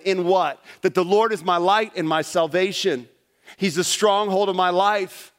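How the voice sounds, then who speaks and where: High-voiced animated man preaching. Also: measured pace. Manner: animated, direct preaching with sudden drops to quiet. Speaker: pastor. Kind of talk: sermon. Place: church sanctuary before a congregation.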